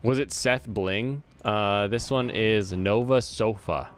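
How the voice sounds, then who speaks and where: A man's voice: fairly low pitch, takes it slowly. A man hosting a casual chat while playing a video game, rambling and easily amused, thinking aloud as he plays. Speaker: host.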